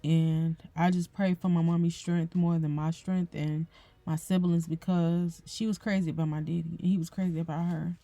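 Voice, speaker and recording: A young woman hosting a podcast, speaking tearfully and haltingly in an emotional personal reflection. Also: on the low side, flat delivery, dry recording. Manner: tearful, soft-spoken, halting with fillers. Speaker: podcast host.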